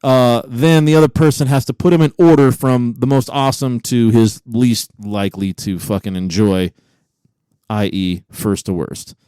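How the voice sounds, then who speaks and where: A man in his forties, co-hosting a podcast, telling stories in a profane, animated way and laughing often. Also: mid-range voice, moderate pace, clean tone, no room sound, clean studio sound. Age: 40s. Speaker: podcast co-host. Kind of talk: casual chat.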